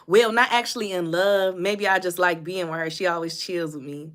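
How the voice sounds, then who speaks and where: A woman's voice: on the low side, fairly even intonation, moderate pace, hardly any pauses, a bit bright. A young woman, hosting a casual livestream on her phone, chatting and reading out viewer comments. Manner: chatty, answers viewer comments, laughs often. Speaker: host.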